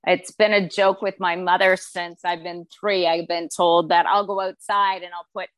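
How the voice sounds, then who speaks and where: Chatty podcast guest, woman, animated storyteller, dry recording. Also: lowish voice, moderate pace, no echo. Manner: animated storyteller, acts out quoted voices. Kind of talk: casual conversation.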